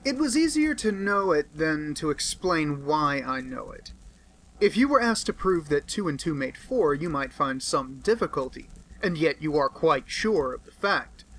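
A sharp, aloof male detective as a man reads him in an audiobook, explaining in crisp, lecturing sentences. The voice is bright and forceful with a slightly raised pitch, offhand and brusque. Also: animated, moderate pace, a little hiss or hum, low-quality recording. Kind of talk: audiobook character reading.

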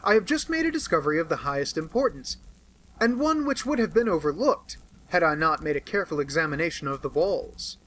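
A man's voice: a little high, animated, brisk, a bit bright, rough recording. A man reading an audiobook and voicing a pompous, self-satisfied male police detective who shows off his discovery in a triumphant, boastful manner. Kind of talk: audiobook character voice.

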